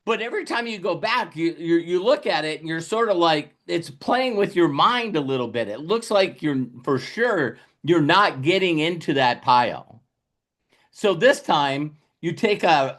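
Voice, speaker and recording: Animated man telling a motivational story. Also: on the high side. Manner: animated storytelling, acting out quotes; repeats words and restarts often. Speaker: business coach. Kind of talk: motivational talk.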